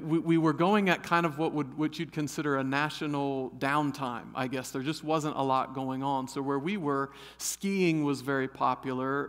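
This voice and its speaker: A middle-aged pastor from Ohio telling a funny story in a sermon, animated and storytelling. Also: male voice, medium pitch. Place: church sanctuary. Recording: long church hall reverb.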